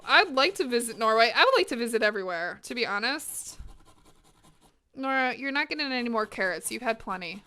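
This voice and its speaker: A woman's voice: on the high side, a little fast, smooth. A woman chatting energetically with her viewers while cooking on a live stream in her home kitchen, swearing freely as she talks. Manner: energetic, chatty and profane, talking to chat.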